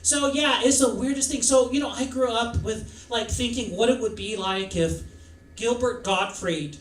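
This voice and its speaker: A man's voice: extremely high pitch, moderate pace, a little hiss or hum. A man doing rambling, self-deprecating stand-up comedy in a comedy club. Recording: echoey club, mic from far off.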